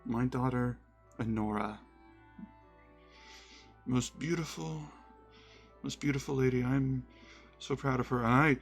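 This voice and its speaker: A man's voice: mid-range voice, steady tone, measured pace, vocal fry, pauses often, soft background music. A man voicing a drunk, grieving ancient dragonlord king, ranting in despair. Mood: sorrowful.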